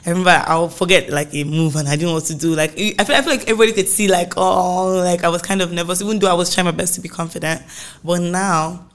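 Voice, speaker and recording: A woman's voice: fairly low pitch, fast. Chatty young Nigerian woman. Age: young adult. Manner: chatty, animated, full of "like" fillers. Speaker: singer, podcast guest. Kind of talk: casual interview chat.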